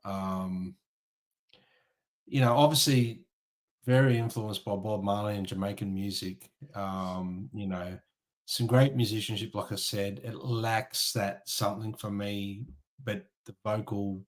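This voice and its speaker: A man's voice: on the low side, steady tone, unhurried. A man co-hosting a casual album review chat, frank and a little hesitant. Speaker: co-host.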